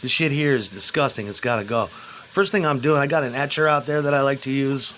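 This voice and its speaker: A man in a rambling, crude monologue vlog, swinging between loud outbursts and low mutters, recorded at home. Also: fairly quick, a little hiss or hum, poor audio.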